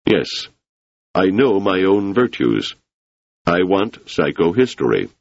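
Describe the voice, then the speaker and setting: A man reading the part of an ambitious, forceful male politician who talks in an urging, insistent way. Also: low voice, sing-song, takes it slowly, vocal fry, no echo, muffled recording, voice pushed up, exaggerated voice.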